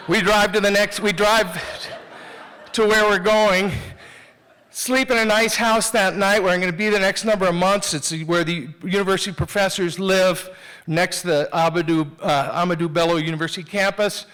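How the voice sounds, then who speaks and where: A man's voice: high-pitched, steady tone, normal speed, pushed and bright, clear, resonant tone. A man telling a personal story live on a theater stage, candid and self-mocking, talking conversationally with restarts.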